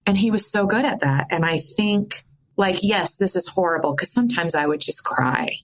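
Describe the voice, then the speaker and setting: Podcast guest, middle-aged woman, lowish pitch, frank and animated storyteller. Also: moderate pace. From American Midwest. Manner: candid, animated, laughs through sadness. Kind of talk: emotional personal storytelling.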